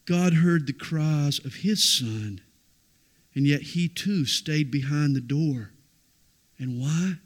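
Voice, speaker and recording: A middle-aged man preaching a sermon, moving from loud declarations to hushed, intimate storytelling. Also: a little high. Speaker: pastor.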